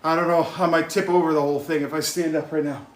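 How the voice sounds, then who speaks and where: An out-of-breath man talking to his live stream chat while riding an exercise bike at home, getting worked up and yelling at times. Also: fairly high pitch, fairly even intonation, fast, roomy sound. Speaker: fitness vlogger live streaming his workout.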